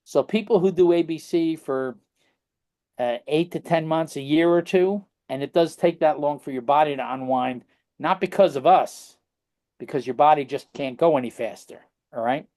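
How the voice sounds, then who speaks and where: Brief: middle-aged male interview guest, somewhat high voice, loose storytelling with frequent check-ins. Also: normal speed, darkish tone. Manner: rambling storyteller, constant "all right?" tag questions. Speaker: guest practitioner. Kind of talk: casual anecdotal interview talk.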